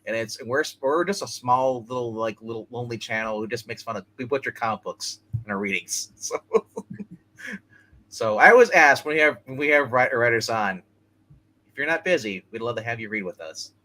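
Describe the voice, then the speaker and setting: A male host of a loose live-stream chat, with a bright, forceful voice. He stumbles through restarts and repeated words, and laughs as he talks. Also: medium pitch, expressive, moderate pace. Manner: stammering, restarts often, laughs a lot.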